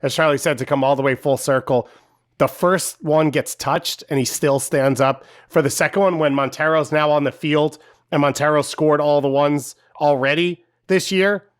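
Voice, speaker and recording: A man co-hosting a soccer podcast, giving measured, analytical opinions. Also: a little high, steady tone. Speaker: podcast co-host.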